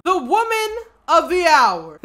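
A woman's voice: extremely high pitch, wildly swooping pitch, slow pace, raised voice, very noisy. A woman streamer giving casual, profane let's-play commentary, often laughing and talking for her character in the first person. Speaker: gaming streamer.

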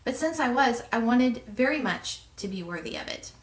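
A woman voicing an apologetic young male prince who speaks low and sadly, in a roomy, distant recording. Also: lively intonation, normal speed, lightly acted. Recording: roomy echo, distant mic.

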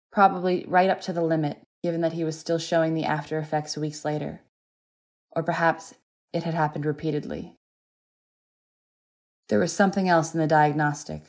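A woman narrating an audiobook with a notably low-pitched voice. Her reading is steady and even, paced for listening.

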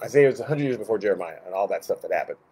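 A man leading a Bible study in a loose, conversational teaching style, animated, often restarting sentences and asking rhetorical questions. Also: fairly low pitch, racing, husky.

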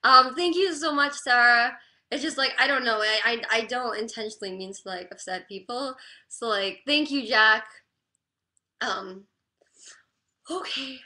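A young woman crying through a livestream chat, halting and apologetic, with the word "like" in almost every phrase. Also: on the high side, pushed and bright. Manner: halting, apologetic, full of "like" fillers.

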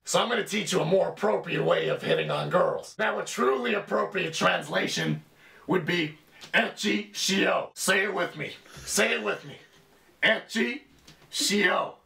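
A man's voice: high-pitched, a little slow, creaky, pushed and bright, roomy sound, distant mic, full character voice. A man playing a crude, ranting comedy sensei character who mock-teaches in a vulgar way.

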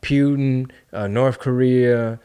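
A man hosting a casual comedic podcast, riffing in an animated, mocking way with frequent profanity. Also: mid-range voice, slow pace, clean tone. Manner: animated, mocking, mimics voices for jokes, profane. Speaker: podcast host. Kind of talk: casual comedic political chat.

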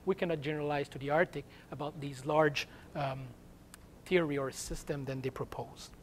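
A man's voice: on the high side, steady tone, moderate pace, slight background noise. French-accented man giving a science lecture. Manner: hesitant, searching for English words. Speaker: guest seminar speaker. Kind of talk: academic seminar lecture.

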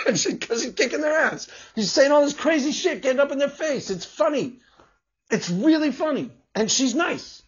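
A man's voice: very high-pitched, expressive, normal speed, slightly rough. A man vlogging in a profane, mocking rant, swearing heavily and laughing often. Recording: dull lo-fi recording.

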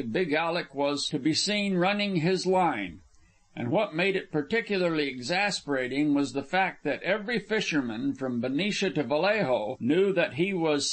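A man narrating an adventure audiobook in an even, measured reading. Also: on the high side. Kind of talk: scripted narration.

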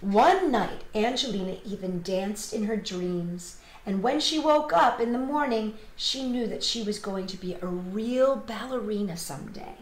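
A woman and children's entertainer reading a picture book aloud, with animated storytelling and asides to the kids. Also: medium pitch, unhurried, hardly any pauses. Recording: roomy echo.

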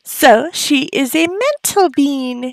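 A woman's voice: sits high, animated, takes it slowly, vocal fry, no room sound. A woman giving casual gameplay commentary, chatty, often gasping and cooing at the game characters. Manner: gasps often. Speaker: let's play host.

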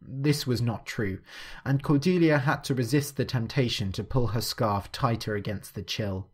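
A man narrating a scripted story clearly and steadily for language learners. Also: mid-range voice, moderate pace.

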